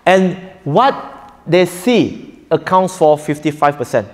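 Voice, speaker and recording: Man, fairly high voice, joking lecturer, quizzes crowd, long hall reverb. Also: lively intonation, slow pace. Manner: jokey, quizzes the audience, laughs often. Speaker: preacher teaching a workshop. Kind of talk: interactive lecture. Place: hall with a live audience.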